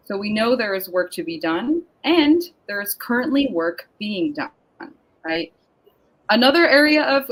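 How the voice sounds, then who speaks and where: A woman's voice: fairly low pitch, poor audio. Upbeat woman hosting a webinar panel. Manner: upbeat, emphatic, deliberate. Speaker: panel host and moderator. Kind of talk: scripted-sounding webinar introduction. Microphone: video call.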